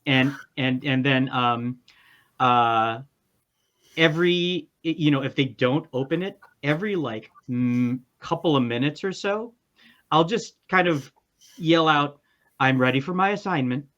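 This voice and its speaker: A man's voice: mid-range voice, measured pace, a bit bright, highs cut off. A man playing a tabletop game, talking casually and hesitantly, with stops and restarts. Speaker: player. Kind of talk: casual play talk.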